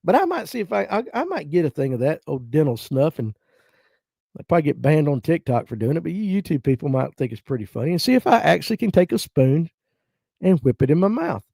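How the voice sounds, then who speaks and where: A man's voice: on the high side, sing-song, quick pace, gravelly, mellow, slightly rough, dry recording, clean studio sound. Folksy North Georgia man telling stories. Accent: Southern US, North Georgia. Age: 50s. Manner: folksy storytelling, acts out relatives' voices. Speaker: livestream host. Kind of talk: casual chat reading viewer comments.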